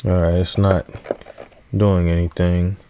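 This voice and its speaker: A man's voice: sits low, level tone, measured pace, heavy background noise. A man in his thirties, a music producer hosting a casual gear-unboxing vlog, upbeat and chatty as he plugs his channel.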